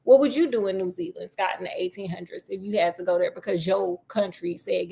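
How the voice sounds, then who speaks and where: A woman's voice: lowish voice, brisk, gravelly, mellow. A woman host retelling a classic novel in casual chat, slangy and joking, with plenty of asides. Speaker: storyteller host.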